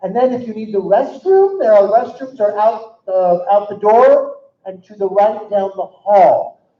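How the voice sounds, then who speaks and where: A man's voice: high voice, expressive, unhurried. A man giving a cheerful, joking welcome speech to a crowd at an indoor event. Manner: upbeat, joking. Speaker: regional chief executive welcoming guests. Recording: echoey, dull hall recording from far off.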